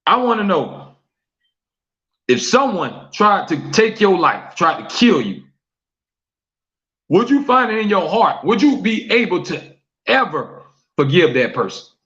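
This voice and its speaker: A man's voice: high voice, very animated, a little slow, long pauses, fairly bright tone, highs cut off. A man hosting a live-streamed talk show, repeating questions to his viewers, reading their comments aloud and preaching about forgiveness.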